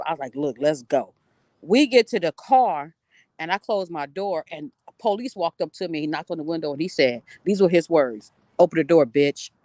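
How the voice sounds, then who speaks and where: A woman's voice: mid-range voice, dry recording. A middle-aged woman telling stories on a phone livestream outdoors, emphatic, blunt and profane. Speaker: livestream host. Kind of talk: casual livestream storytelling. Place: outdoors near trees.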